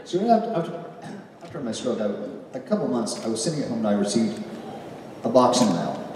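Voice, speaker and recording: A middle-aged man telling stories on stage at a convention panel, animated and self-deprecating, laughing often. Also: mid-range voice, fairly quick, heavy background noise. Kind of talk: casual storytelling on stage. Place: large convention hall. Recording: echoey hall recorded from far off.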